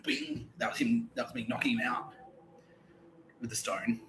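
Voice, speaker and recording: A man's voice: medium pitch, huge pitch swings, normal speed, a bit bright, a little hiss or hum, rough recording. A young adult man, hosting a podcast and telling a long comic story in a profane, meandering way, laughing between his lines. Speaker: podcast host.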